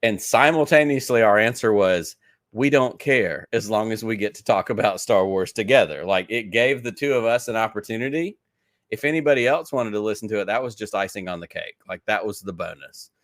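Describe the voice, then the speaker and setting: A man's voice: fairly low pitch, a little fast, fairly bright tone, no room sound, clean studio sound. A man with a Southern accent, a podcast guest chatting about his hobby, telling stories in an eager, rambling way full of filler words. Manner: enthusiastic rambling storyteller, many "like"s. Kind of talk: casual interview chat.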